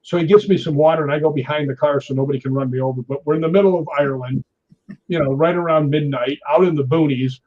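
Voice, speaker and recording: Brief: man, 60s, stuntman guest, husky raised voice, animated storyteller, dull lo-fi recording. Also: fairly high pitch, fast. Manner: lively, laughs often, acts out others' lines. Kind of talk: anecdotal storytelling.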